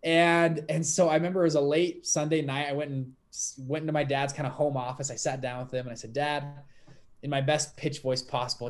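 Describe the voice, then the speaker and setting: A young man in his twenties, a podcast guest telling his story in a lively, quick, laughing way. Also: fairly high pitch. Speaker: podcast guest, fund manager. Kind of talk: casual storytelling interview.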